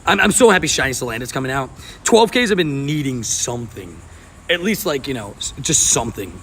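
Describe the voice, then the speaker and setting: A man's voice: a little high, creaky, fairly bright tone. A man live-streaming outdoors, chatting casually with his viewers and laughing often. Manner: laughs often, talks to chat. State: sweaty and hot. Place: outdoors at a park by water. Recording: faint outdoor background noise.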